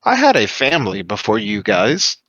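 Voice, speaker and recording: A man's voice: lowish voice, wildly swooping pitch, normal speed, pushed and bright, no room sound, dull audio. A man playing a tabletop game, talking in a playful, mock-defensive way. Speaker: player. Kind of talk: tabletop role-play.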